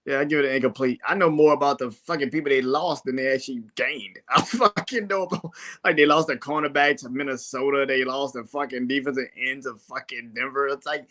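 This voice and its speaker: A man's voice: mid-range voice, fairly quick, bright, forceful tone. A man co-hosting a casual sports podcast, talking bluntly with lots of swearing and chuckles between remarks.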